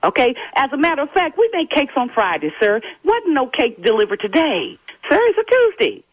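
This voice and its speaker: A woman's voice: sits high, big pitch swings, a little fast, no echo. A woman who owns a bakery, answering a phone call politely but firmly and calling the caller "sir" over and over, heard through a muffled phone line. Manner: polite but firm, repeats "sir", grows defiant. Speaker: bakery owner. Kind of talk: phone conversation. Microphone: telephone.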